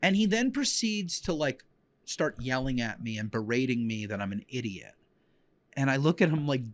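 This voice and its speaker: A man's voice: medium pitch, very animated, normal speed, dry recording. A man in the middle of his range tells stories as a dog-training podcast host. He talks in a heartfelt, rambling way, full of fillers and restarts. His voice is dry and close. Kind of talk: emotional personal storytelling.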